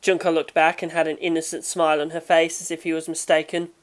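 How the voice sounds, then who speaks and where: A woman narrating a fan audiobook in a steady, measured reading. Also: deep voice.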